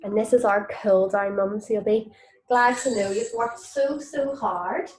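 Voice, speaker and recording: A woman leading a mum and baby yoga class, gentle and encouraging, recorded in a room away from the mic. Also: mid-range voice, measured pace. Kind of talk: online yoga class instruction with nursery songs. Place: indoor room, moving around on camera. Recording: echoey room, mic at a distance.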